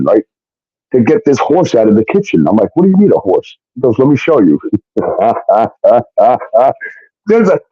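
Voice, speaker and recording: A man's voice: mid-range voice, dry recording. A man telling a long profane story, acting out the voices of the people in it. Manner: animated, acts out quoted voices, swears often. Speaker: show guest telling his story. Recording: dull lo-fi stream audio.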